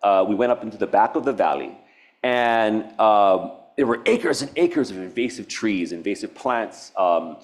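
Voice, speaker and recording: Speaking in a lowish voice at a moderate pace with lively intonation, a man from Hawaii delivers a public artist talk in a university event space. The talk is earnest and reflective, meandering and nonlinear, full of restarts and laughter.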